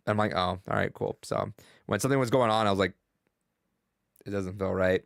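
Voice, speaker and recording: A young man rambles excitedly about a game he is playing, with plenty of swearing. His voice is low and gravelly, with lots of fry. The sound is dry and close. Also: fast talker, no room sound. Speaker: podcast co-host. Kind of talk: casual gaming chat.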